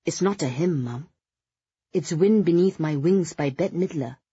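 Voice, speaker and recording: A woman's voice: sits low, unhurried, mellow, breathy edge, no echo, muffled recording, full character voice. A narrator voicing a young woman answering her mother in a wry, matter-of-fact way.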